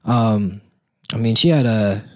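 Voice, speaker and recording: A young man co-hosting a casual college sports podcast, relaxed and rambling, full of fillers and quick laughs. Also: fairly low pitch, no room sound, clean studio sound. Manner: relaxed, rambling, laughs often, says "like" and "dude".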